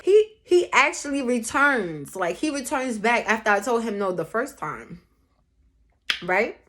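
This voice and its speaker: A woman's voice: a little high, fairly bright tone. Blunt woman telling a story. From Brooklyn, New York. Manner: blunt, profane, heated retelling. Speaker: storytime vlogger. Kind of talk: casual storytime.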